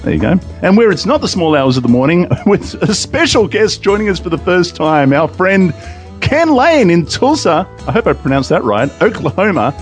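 Lively, chatty man hosting. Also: on the high side, fairly quick, hardly any pauses, faint music behind. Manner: chatty, laughing often, lively. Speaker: podcast host. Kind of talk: casual podcast chat.

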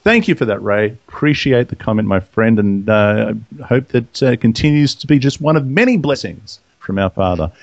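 A man's voice: lowish voice, lively intonation, moderate pace, few pauses, dry recording. A man with an Australian accent hosting a casual podcast chat in a joking, playful way. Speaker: host. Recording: dull, lo-fi audio.

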